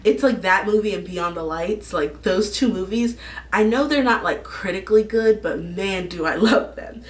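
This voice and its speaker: Young woman vlogger, excitable, rambling fan chat, mid-pitched, recorded from a little way off. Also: normal speed, far from the mic. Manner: gushing, rambling, laughs often. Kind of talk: casual fan casting chat.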